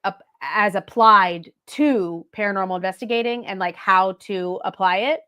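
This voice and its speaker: A woman guest on a casual livestream video call, telling animated, swear-laden stories about her paranormal gear. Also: mid-range voice, clear, resonant tone. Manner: animated, swearing, quick storytelling with laughs. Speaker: paranormal equipment maker, guest.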